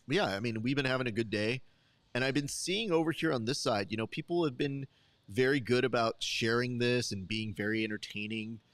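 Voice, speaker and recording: A man's voice: mid-range voice, a little fast, fairly bright tone, no room sound. A man hosting a live stream, chatting casually and jokingly with viewers while eating at his desk. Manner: rambling, joking, talks straight to the chat. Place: desk at a live event broadcast.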